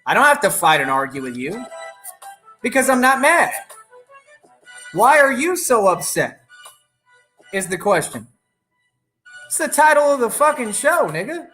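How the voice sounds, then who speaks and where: A man's voice: very high voice, very animated, a little slow, long pauses, bright, forceful tone, echoey room, faint music behind. A man hosting an online radio show, ranting in a defiant, boastful and profane way at his critics. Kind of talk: ranting live-stream monologue.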